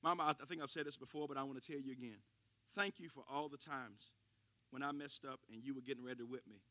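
A man preaching a sermon as pastor, telling stories in a folksy, informal way and swinging from quiet talk to loud preaching. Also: medium pitch, fairly even intonation, fast.

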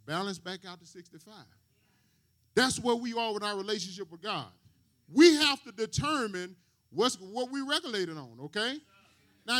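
A man's voice: extremely high pitch, a bit bright. A man preaching a sermon to his congregation, talking casually and often asking them questions and waiting for them to answer. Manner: call-and-response preaching, asks the congregation questions. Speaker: pastor.

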